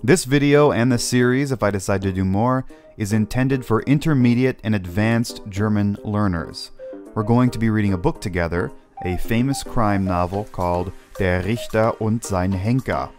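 A man with English as his first language runs a relaxed guided reading lesson, chatty and full of fillers, and reads German aloud in between. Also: lowish voice, normal speed, soft background music.

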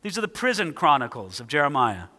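A man preaching with a high, bright voice that carries a long hall reverb. He reads scripture aloud with lively emphasis and presses each point home. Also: fast. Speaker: pastor. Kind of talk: sermon.

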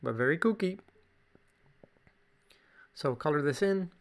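Gravelly Canadian man teaching drawing. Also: on the high side, measured pace. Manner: relaxed, chatty, jokey asides. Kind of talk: casual drawing tutorial narration.

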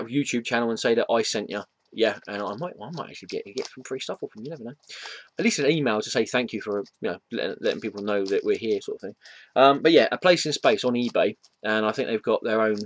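A man's voice: lowish voice, fairly bright tone, no echo. A man chatting casually at home about comics, rambling with many fillers, restarts and self-deprecating asides. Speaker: comic book vlogger. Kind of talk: casual vlog chat. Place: home room.

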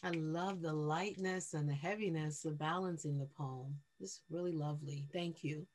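A woman with a low voice runs a poetry workshop over a video call. She responds to each reader with affirming praise and talks in an easy, conversational way before guiding the group through the next exercise. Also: steady tone, normal speed, darkish tone. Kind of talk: leading an online workshop.

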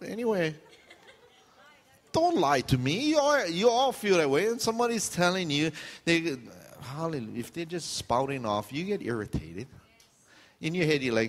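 A pastor with a voice a little high for a man preaches a sermon in a church sanctuary, loose and joking as he acts out what people are thinking in their heads. He speaks in a sing-song way at normal speed, and a long church-hall reverb trails his words.

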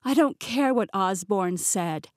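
A woman's voice: mid-range voice, expressive, slow, darkish tone, dry recording, studio quality. A woman voicing a young male king in an audiobook, easygoing and teasing but stern when giving orders. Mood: commanding. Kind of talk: audiobook character voice. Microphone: close studio mic, dry.

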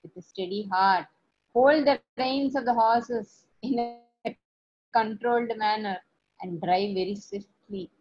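A woman voicing a calm heroic prince. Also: on the high side. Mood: steady urging. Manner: polite, measured commands. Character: calm heroic male prince instructing his charioteer. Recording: dull lo-fi recording.

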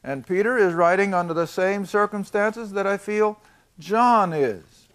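An older man teaches a Bible class in a fairly high voice. He talks at an unhurried pace and reads each verse slowly. He asks the class questions, answers them himself, and drives each point home with emphasis. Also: fairly bright tone. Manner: reads scripture slowly, then explains it.

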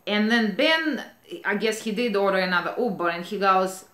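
Bright-voiced woman with a Russian accent. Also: medium pitch, moderate pace. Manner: animated, re-enacts dialogue. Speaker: rideshare driver. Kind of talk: storytelling vlog. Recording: roomy echo.

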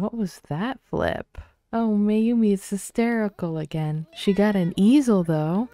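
A woman giving casual commentary while playing a life-sim game, soft-spoken and often half-whispering, close to the mic. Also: medium pitch, a little slow, few pauses, no room sound. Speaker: let's play creator.

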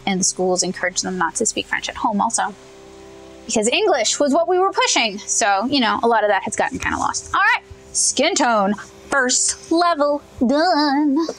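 A young woman from Louisiana, chatting casually as she paints, thinking out loud and correcting herself as she goes. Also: fairly high pitch, animated, moderate pace, poor audio. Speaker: comic artist testing paints.

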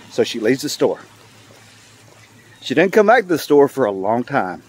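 An older man who hosts a channel tells a joke in a sing-song, mid-range voice. His storytelling is casual and drawn out, rambling along with lots of fillers and repeats. There's a little hiss or hum in the audio.

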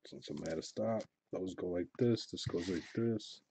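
A man hosting a live card break, opening packs and calling out what he pulls, muttering to himself between low asides and excited call-outs. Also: moderate pace, vocal fry, background noise.

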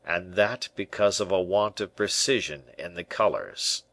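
A man voicing a sly male bishop who speaks in a measured, quiet way. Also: deep voice, dry recording. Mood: calm, scheming. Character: sly, smooth-talking male bishop and ex-musketeer.

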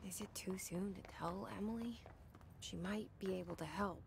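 An actress voicing a guarded young woman director, murmuring her inner thoughts quietly. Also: medium pitch, normal speed, lightly acted. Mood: musing. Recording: game audio with clear background noise.

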